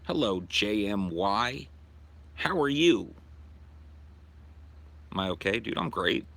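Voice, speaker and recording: Profane, bright-voiced male streamer. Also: lowish voice, big pitch swings, takes it slowly, gravelly. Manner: loose, profane, rambling. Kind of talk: casual livestream chat. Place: backyard at night, outdoors.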